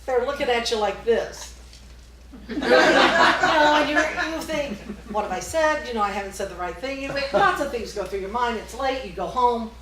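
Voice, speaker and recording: A middle-aged woman performing a storytelling comedy set, often laughing at her own story and shouting out other people's lines. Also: fairly high pitch. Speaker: stand-up comedian. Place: small live music venue. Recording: echoey room, distant mic, faint noise.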